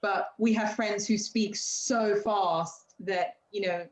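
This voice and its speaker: A woman's voice: medium pitch, fairly even intonation, slow pace. A woman with a standard southern British accent, chatting at a moderate pace on a video call. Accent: standard southern British English. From England. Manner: speaks at a moderate pace, with soft fillers. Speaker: guest speaker in a language-learning video call. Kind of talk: casual conversation. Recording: roomy, muffled video call audio.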